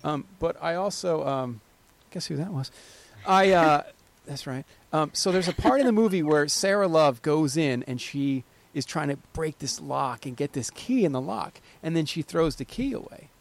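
A man's voice: fairly high pitch, normal speed, creaky, dry recording. A man co-hosting a podcast, telling stories in casual, profane chat. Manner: swearing, storytelling, animated. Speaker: podcast co-host, film director.

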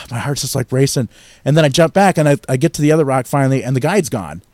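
A man's voice: mid-range voice, fast, slight background noise. A man telling a long, crude story on a podcast, acting out the other people's voices as he goes. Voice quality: crude, profane. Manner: animated storytelling, acts out quoted voices loudly. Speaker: guest storyteller. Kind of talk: casual podcast chat.

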